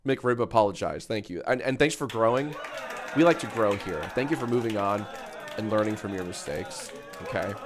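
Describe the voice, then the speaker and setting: A man chatting casually on a livestream, joking and riffing on messages from chat. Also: on the low side. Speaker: streamer.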